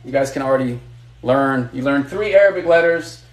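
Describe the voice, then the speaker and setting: A man's voice: medium pitch, normal speed, reverberant. Encouraging man teaching to a live chat. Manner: patient, encouraging, asks questions and praises. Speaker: Arabic teacher. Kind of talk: live online lesson.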